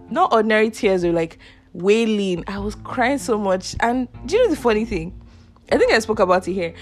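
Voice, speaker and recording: A woman's voice: lowish voice, darkish tone. A young woman, hosting a podcast and telling a personal story casually, laughing often. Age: 20s. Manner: chatty, laughs often, acts out quoted voices. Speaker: podcast host.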